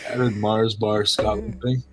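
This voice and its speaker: A man's voice: on the low side, level tone, takes it slowly. Man joking crudely on a live stream. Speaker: co-host. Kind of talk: casual live-stream chat.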